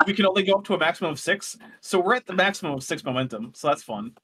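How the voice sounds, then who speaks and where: A male game master narrating a tabletop space adventure, his voice sitting fairly high for a man. He talks in a relaxed, rambling way, pausing with fillers and correcting himself as he goes. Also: breathy edge.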